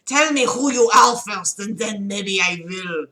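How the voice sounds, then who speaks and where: A woman voicing a nervous young man learning to paint, loud and flustered. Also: medium pitch, expressive, unhurried.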